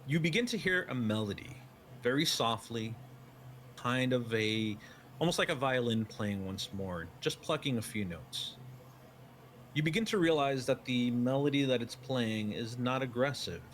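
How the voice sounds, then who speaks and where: A man's voice: mid-range voice, lively intonation, moderate pace, fairly bright tone, a little hiss or hum. A man narrating as game master, describing the scene in second person with many fillers.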